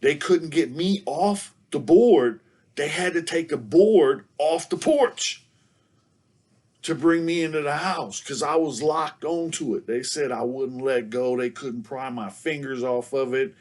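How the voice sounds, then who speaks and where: A man tells a loose, casual story as a guest, at a medium pitch. He fills almost every phrase with "you know what I'm saying" and "you know." He keeps a relaxed, unhurried pace.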